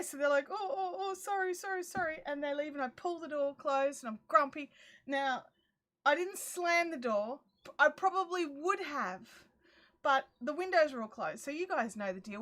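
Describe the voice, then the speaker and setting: A woman hosting a crafting livestream from her backyard shed, chatting casually and acting out her own lines as she tells a story. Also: sits high. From Australia. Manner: chatty and animated, acts out her own quotes. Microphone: phone.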